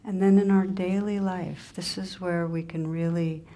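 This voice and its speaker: A woman meditation teacher giving a spiritual talk and telling a story, gentle and unhurried in short pausing phrases. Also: fairly low pitch, steady tone.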